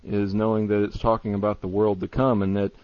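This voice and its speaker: A man's voice: fairly low pitch, flat delivery, fairly quick, muffled recording. A man calling into a Bible study, casual and a little out of breath. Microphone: call or conference line.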